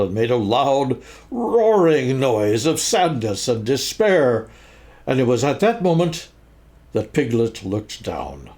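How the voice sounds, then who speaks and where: Expressive older man reading a storybook. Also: medium pitch. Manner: expressive, sing-song storytelling. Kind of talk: reading a children's book aloud.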